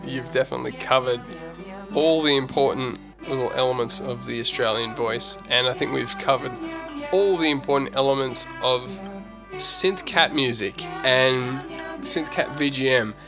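A man hosts a podcast in a playful, rambling way. His mid-range voice carries a gravelly rasp. Music plays clearly in the background. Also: mid-range voice. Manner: chatty, playful, halting with fillers. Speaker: podcast host. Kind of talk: casual podcast chat.

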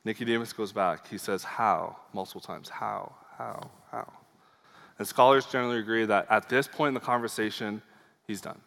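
A man's voice: on the low side, fast talker, fairly bright tone. A man preaching a Sunday sermon in an earnest, conversational way, with fillers and small asides. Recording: long hall reverb.

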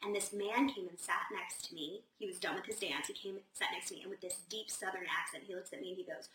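A woman's voice: medium pitch, steady tone, fast, few pauses, far from the mic, crowd noise. A woman hosting a casual live Q&A, chatty and gushing, with lots of "like" fillers. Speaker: host of a live advice session. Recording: roomy echo, set back from the mic, faint noise.

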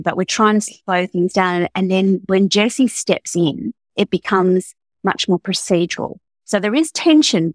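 A woman's voice: mid-range voice, dry recording. Woman author chatting about her writing, thoughtful, restarts a lot, dry close mic. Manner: thoughtful, with frequent restarts and fillers. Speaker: novelist guest. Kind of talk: casual interview chat.

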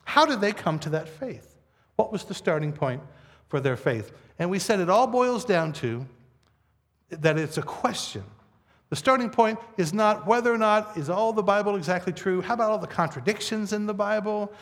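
A male pastor delivers his sermon in a relaxed, conversational way, slipping in jokes and asides to the congregation. His voice sits high. The long reverb of a large church hall trails after every phrase. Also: moderate pace. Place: church sanctuary.

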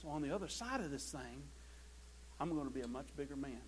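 A male pastor preaching a sermon, impassioned, swinging from loud declarations to hushed tones and often repeating words as he starts a phrase. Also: fairly high pitch, animated, quick pace, a little hiss or hum, rough recording.

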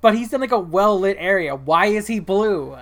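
Podcast co-host, middle pitch, exasperated and blunt, swears freely. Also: expressive, normal speed, fairly bright tone. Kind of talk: casual recap chat.

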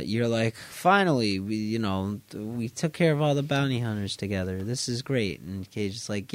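A man on a casual podcast retelling a video game scene in a rambling, animated way, acting out quoted lines and laughing and swearing as he goes. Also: on the low side, no room sound. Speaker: podcast co-host or guest.

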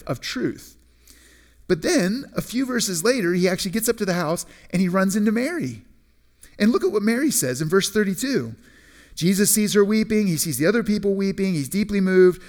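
Male pastor, sermon, slightly higher voice, chatty restarts, slows for emphasis. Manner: conversational preaching with frequent restarts and repeated words; emphatic, slowing down on key phrases.

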